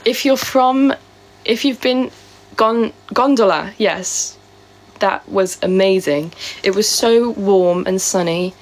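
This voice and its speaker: Woman, casual live streamer, sore throat, chatty and rambling, mid-pitched. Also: slow, pauses often, slight background noise. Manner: chatty and rambling, with many fillers. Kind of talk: casual live-stream chat answering viewer comments.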